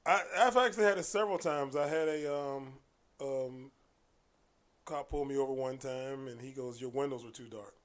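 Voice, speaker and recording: A man, a martial arts coach, telling stories in a casual podcast chat, animated and quick to laugh, often restarting his sentences. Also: mid-range voice. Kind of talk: casual conversational storytelling.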